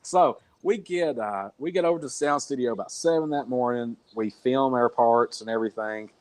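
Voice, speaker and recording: In a mid-range voice at normal speed, with no echo, a man guests on a podcast via remote call and tells a long story. He talks bluntly, rambles, and now and then swears, all within a casual storytelling interview.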